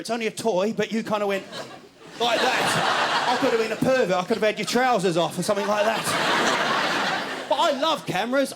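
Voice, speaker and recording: A man's voice: high-pitched, creaky, heavy background noise. A man doing stand-up with a New Zealand accent, telling a story and acting out the voices of the people in it. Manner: animated storytelling, acts out voices for laughs. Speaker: stand-up comedian. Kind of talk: stand-up routine. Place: comedy club stage with live audience. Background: audience laughter.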